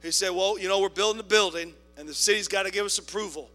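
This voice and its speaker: A man preaching a sermon in a church, telling a story with quoted voices and swinging between loud appeals and soft asides. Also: sits high, fast talker, in a large hall, soft background music. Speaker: pastor. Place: church sanctuary.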